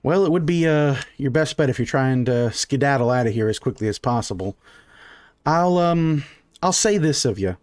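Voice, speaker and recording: A man voicing a stern, sharp-tongued middle-aged townswoman who is a mother, with a bossy, folksy drawl, in a tabletop game. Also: mid-range voice, expressive, moderate pace, no echo, studio quality, close to an everyday voice.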